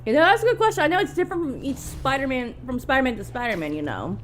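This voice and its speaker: A woman's voice: sits high, very animated, fast, slight background noise. A woman co-hosting a let's play, chatting in an earnest, chatty way and speculating about the game. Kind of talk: casual gaming commentary.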